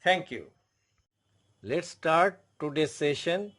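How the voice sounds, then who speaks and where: Slow, deliberate male French tutor. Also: fairly high pitch, expressive, fairly bright tone. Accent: Indian English. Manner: slow, repetitive, formal teaching. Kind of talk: online language lesson.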